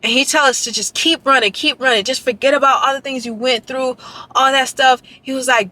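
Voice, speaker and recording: Bright, excitable young woman vlogger. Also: high voice, fairly quick. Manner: excited, rambling, heavy on "like" and "y'all". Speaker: dance vlogger. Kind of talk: casual storytelling vlog.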